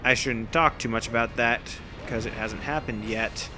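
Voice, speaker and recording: A man's voice: mid-range voice, steady tone, normal speed, music in the background. A man giving casual, rambling, self-deprecating let's play commentary over a video game. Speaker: gameplay commentator.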